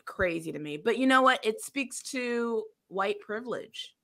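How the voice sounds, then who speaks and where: A woman's voice: a little high, lively intonation, unhurried, a bit bright. A woman co-hosting a podcast, giving emphatic, opinionated takes in casual discussion. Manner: emphatic, opinionated, repeats for stress. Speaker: podcast co-host.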